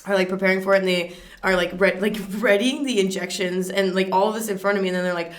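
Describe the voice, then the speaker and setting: A young woman, a comedian, telling a story in casual chat. She is animated, laughs often and swears freely. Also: medium pitch, quick pace. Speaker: comedian guest.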